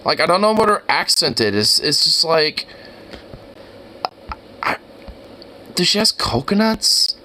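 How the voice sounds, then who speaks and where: An excitable young man reacts to videos in casual commentary, swearing and stumbling through half-finished sentences. His voice is bright and somewhat high. Its pitch jumps all over the place. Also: a little slow, pauses often, slight background noise. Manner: incredulous, excitable, swears a lot, stammers.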